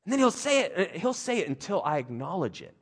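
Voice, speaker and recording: A man in his thirties delivers a casual, conversational sermon. His pitch leaps up and down as he jokes and mimics others, then settles back to plain teaching. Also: fairly quick, slightly rough. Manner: animated, conversational, jokey, with playful voices for others. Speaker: pastor.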